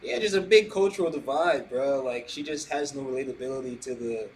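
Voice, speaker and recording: A man in a loose podcast conversation, tossing out "bro" and "right?" as he builds his points. His voice sits at an ordinary middle pitch with a faint background hiss. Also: fairly quick, low-quality recording. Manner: animated, says "bro" and "right?" often, asks questions. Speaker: podcast host. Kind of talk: casual podcast chat.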